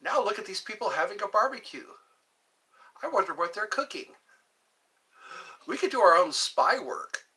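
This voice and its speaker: A man's voice: sits high, very animated, normal speed, long pauses, bright, forceful tone. A man hosting a casual livestream, rambling and chatting directly with his viewers. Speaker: livestream host.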